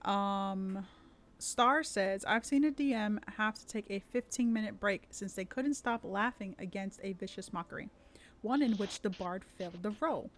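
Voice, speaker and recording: Woman game master, casual stream chat, rambling and full of fillers, mid-pitched. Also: moderate pace. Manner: chatty, rambling, with many fillers and restarts. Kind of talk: casual live-stream chat about tabletop rules.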